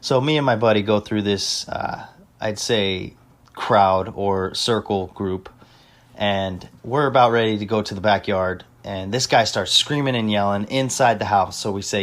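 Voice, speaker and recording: A man's voice: lowish voice, measured pace, fairly bright tone. A young man telling a party story in casual chat, swearing freely and bragging, with street slang. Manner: profane, boastful, street slang. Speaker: podcast host telling a story.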